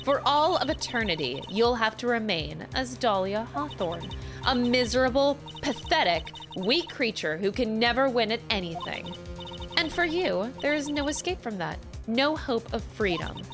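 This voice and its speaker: A cool, firm woman lawyer from a video game, read by a woman. She speaks in a measured, lively way. Soft game music runs beneath her. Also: fairly high pitch. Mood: cold. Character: calm confident woman defense lawyer spirit.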